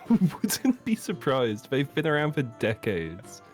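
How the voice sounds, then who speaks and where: Amused chatty man, british-born player, lively pitch, faint music behind. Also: slow pace. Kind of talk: casual chat.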